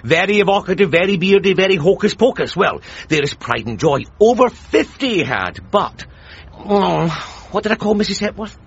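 An actor playing a chatty, flustered parish priest in a radio sitcom. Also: male voice, high voice, sing-song, normal speed, creaky, slightly rough, heavily acted. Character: fussy gossiping parish priest, man. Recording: muffled broadcast sound.

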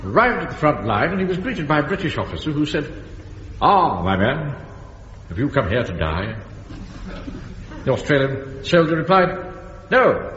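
An actor playing a pompous, self-important middle-aged captain who talks in an officious way. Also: male voice, fairly high pitch, big pitch swings, normal speed, long pauses. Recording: dull, roomy sitcom soundtrack with long reverb and loud noise.

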